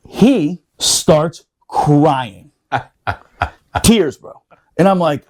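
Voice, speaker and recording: A middle-aged man telling a boot camp story on a podcast, profane and animated, laughing as he talks. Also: fairly high pitch, slow pace, long pauses. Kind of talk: casual storytelling chat.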